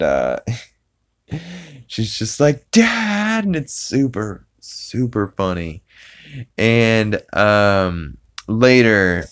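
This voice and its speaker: A man's voice: low voice, clean tone. A man hosting a podcast, casually recapping a cartoon episode with laughs, swearing and lots of fillers. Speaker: podcast host.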